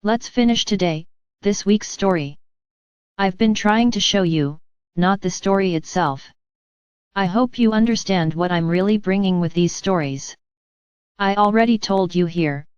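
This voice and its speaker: A woman delivering a channeled spiritual message, speaking gently and patiently to her listeners. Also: medium pitch, a little slow, smooth, no echo, lo-fi sound. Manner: gentle, patient, addresses listeners as dear ones.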